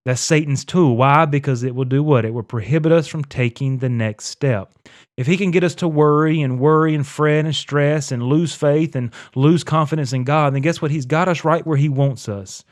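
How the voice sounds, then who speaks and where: A man preaching a recorded sermon episode, earnestly asking questions and answering them himself, quoting scripture in old-style wording. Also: fairly high pitch.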